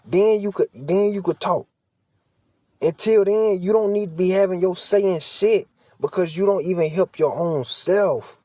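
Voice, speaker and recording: His voice is high yet dark in tone, unhurried, and free of echo. Speaking directly to camera, the vlogger pours out an impassioned, profane lecture while fighting back tears.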